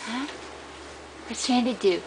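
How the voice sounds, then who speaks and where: A woman's voice: a little high, slow pace, very noisy. A woman talking to a toddler at home in sing-song, coaxing baby talk, repeating simple phrases. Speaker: parent playing with a toddler.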